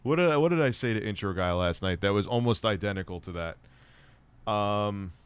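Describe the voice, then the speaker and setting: A man's voice: on the low side, lively intonation, normal speed, smooth. A middle-aged man live streaming, rambling casually and swearing while he reads chat and shops online.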